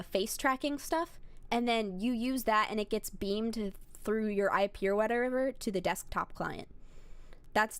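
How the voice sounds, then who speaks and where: A young woman with a fairly high voice streams casually, rambling from one tangent to the next and swearing freely. Her voice sounds dry and close, with no room sound around it. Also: smooth, no echo. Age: young adult. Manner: rambling, profane, talks straight to chat. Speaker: VTuber streamer. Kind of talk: casual livestream chat.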